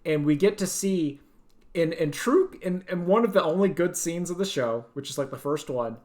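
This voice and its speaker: A man's voice: fairly high pitch, moderate pace. A man co-hosting a podcast, ranting in casual chat and laughing as he mocks a show. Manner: ranting, animated, laughs while mocking a show. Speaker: podcast co-host.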